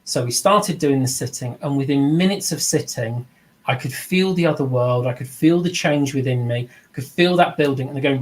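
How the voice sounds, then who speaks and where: Man, mid-pitched voice, conversational teacher, repeats himself, video call. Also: normal speed. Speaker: trance mediumship teacher. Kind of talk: teaching with personal anecdotes.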